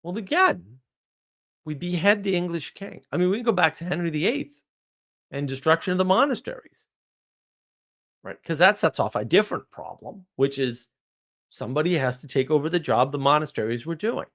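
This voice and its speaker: A man rants bluntly through a live stream monologue, posing questions and then answering them himself. His pitch swings widely up and down as he goes, and he sounds expressive and fairly bright at a normal speed.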